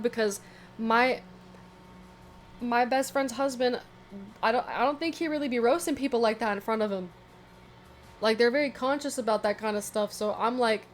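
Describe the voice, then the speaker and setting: A young adult woman casually chatting to her viewers, telling a funny story with lively asides. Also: on the high side, slight background noise. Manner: chatty, animated retelling with asides. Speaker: vlogger.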